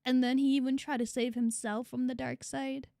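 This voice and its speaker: A woman's voice: sits high, little pitch movement, normal speed, gravelly, darkish tone, dry recording, clean studio sound. A woman VTuber streaming a casual reaction, emotional, laughing often and swearing freely.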